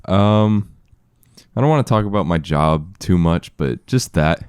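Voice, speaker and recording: A man with a smooth, clear, somewhat low voice, tossing off deadpan remarks on a friends' podcast. The recording is close and dry. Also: a little slow, dry recording. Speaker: podcast co-host. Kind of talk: casual chat.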